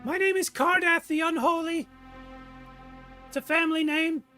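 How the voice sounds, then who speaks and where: Shrill cackling undead scientist, cryptic, insistent, tabletop game voice. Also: male voice, steady tone, moderate pace, soft background music. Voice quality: high, loud and cackling. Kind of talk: voicing characters in a tabletop game.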